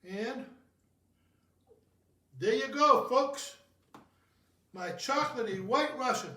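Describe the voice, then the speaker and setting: A man with a high, light voice rambles and jokes about himself while mixing a cocktail at home. He sits back from the microphone, so the kitchen's echo rings around his talk. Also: lively intonation, slow, pushed and bright, recorded from a distance. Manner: jokey, rambling, self-mocking. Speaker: cocktail show host. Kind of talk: casual home cocktail video. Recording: roomy, from off the mic.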